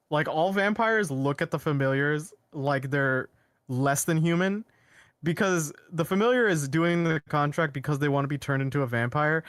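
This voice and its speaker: A man co-hosting a casual podcast, excitedly retelling a show's plot with frequent laughs and rambling asides. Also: on the high side, no room sound, clean studio sound. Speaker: podcast co-host. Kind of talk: casual chat.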